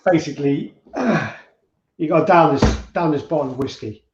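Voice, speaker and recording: A man's voice: fairly high pitch, moderate pace, background noise, lightly acted. Barman in a pub joke: cheerful man, played by the storyteller, muffled and roomy. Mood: joking. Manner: chatty storytelling.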